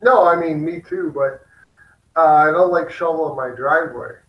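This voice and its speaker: A man in a casual chat, talking slowly in a loose, relaxed drawl. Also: on the high side, reverberant, lo-fi sound.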